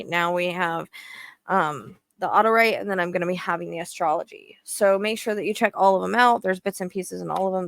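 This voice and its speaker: A woman hosting her psychic channel, talking fast and explaining at length as she reads from her own notes. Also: medium pitch, creaky, no room sound. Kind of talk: reading aloud her own notes to camera.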